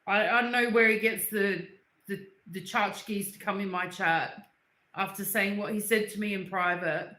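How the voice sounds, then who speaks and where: A woman's voice: medium pitch, steady tone, normal speed, pushed and bright. A young woman, talking bluntly and angrily on a casual livestream, swearing and repeating herself. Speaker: livestream host. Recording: echoey room.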